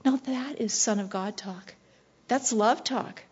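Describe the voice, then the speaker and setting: A woman preaching with passion, slipping into hushed whispers and then surging with intensity. Her voice sits on the high side and the recording sounds dull and lo-fi. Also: slow pace, husky. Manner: passionate, shifting between soft whispers and bursts of intensity. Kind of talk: devotional sermon.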